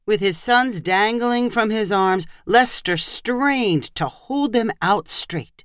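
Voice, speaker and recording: A woman narrating a scripted story in an expressive storyteller manner. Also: mid-range voice, takes it slowly, hardly any pauses, no echo, studio quality.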